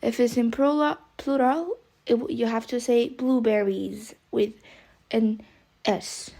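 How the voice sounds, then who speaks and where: A woman's voice: on the high side, slow, creaky, mellow. A woman teaching English vocabulary, saying each word several times and spelling it out letter by letter. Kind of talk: vocabulary lesson, slow spelling drills.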